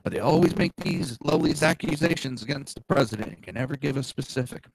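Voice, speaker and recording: A man's voice: medium pitch, fast talker, gravelly, slight background noise, poor audio. A middle-aged man hosting a political talk show, blunt and profane, with mocking asides.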